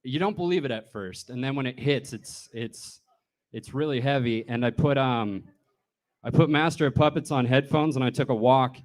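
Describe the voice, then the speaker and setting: A comedian giving a humorous eulogy in a bar, telling stories casually and swearing freely. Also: male voice, medium pitch, normal speed.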